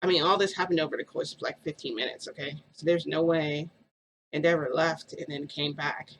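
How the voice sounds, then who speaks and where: A woman's voice: sits low, steady tone, brisk, a little hiss or hum, low-quality recording. A woman vlogger telling a story in a rambling, casual way, full of "like" and "um".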